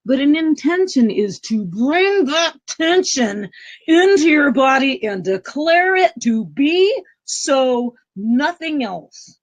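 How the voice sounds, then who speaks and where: A middle-aged woman guest speaking earnestly about prayer and intention, telling personal stories in a lively way over a video call. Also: high voice, takes it slowly. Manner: earnest, animated storytelling with lively quoted voices. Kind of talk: casual storytelling interview. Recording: dull lo-fi call audio.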